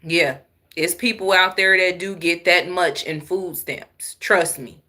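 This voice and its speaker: A woman co-hosting a casual commentary chat, animated as she tells her stories. Her voice is bright and pitched a little low. She chimes in often with quick agreement.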